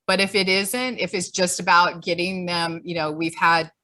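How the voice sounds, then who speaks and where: A woman's voice: on the low side, fairly even intonation, normal speed, bright, forceful tone. A woman leading a grassroots group, giving rousing, conversational closing remarks on a video call. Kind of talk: closing remarks at an online meeting.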